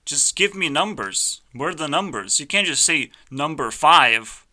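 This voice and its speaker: Brash, swearing man with a sharp voice. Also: on the high side, expressive, a little slow. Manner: brash, swearing, mock-arrogant ranting. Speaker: YouTuber. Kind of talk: live reaction commentary. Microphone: headphones on, desk mic.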